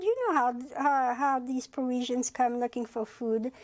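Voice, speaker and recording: A woman in her eighties from France, giving oral history testimony as a Holocaust survivor and retelling conversations with frequent "he says" and halting fillers. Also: high voice, a little mellow.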